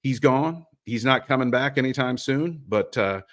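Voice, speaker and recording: A man's voice: medium pitch, moderate pace. A man hosting a live soccer chat show, rambling, self-mocking and dropping the odd curse. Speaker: podcast host.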